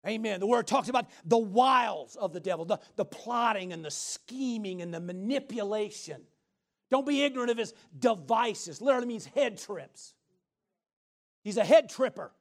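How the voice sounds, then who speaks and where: Middle-aged guy preaching, high voice, animated, calls out to the crowd, laughs and shouts. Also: normal speed. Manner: animated, call-and-response with congregation, bursts of laughter and shouting. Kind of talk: sermon.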